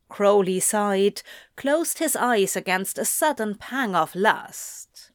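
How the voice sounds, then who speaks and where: A woman narrating a fan fiction story in an audiobook reading, in measured storytelling. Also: medium pitch, lively intonation, a bit bright, no echo, studio quality.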